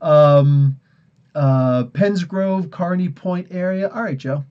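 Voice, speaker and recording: A man's voice: a little high, slow pace, smooth, muffled recording. A man from New Jersey hosting a casual comics podcast livestream, tired and rambling, laughing often. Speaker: podcast host.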